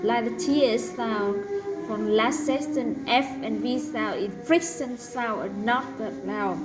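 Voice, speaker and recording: A woman teaching a pronunciation lesson, saying each example word slowly and carefully. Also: on the high side, over loud music, poor audio. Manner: slow, deliberate, drawn-out example words.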